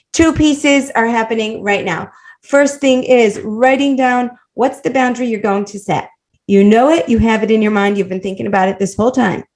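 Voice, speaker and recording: A woman coach teaching a live online class over a video call, animated and warm, laughing often as she encourages her students. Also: on the high side. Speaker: women's life coach and teacher.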